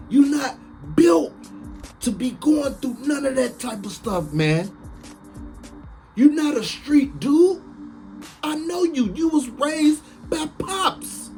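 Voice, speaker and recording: Slow, preachy man. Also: extremely high pitch. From Chicago, USA. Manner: emphatic, preachy, sounds like shouting even when calm. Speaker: online commentator. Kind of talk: casual live-stream monologue.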